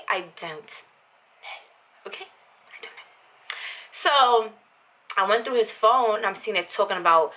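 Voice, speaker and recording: A young woman vlogger telling a story in a bright, clear voice. She talks bluntly and with animation, and fills her sentences with "like". Her pitch sits in an ordinary middle range. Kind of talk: casual storytime monologue.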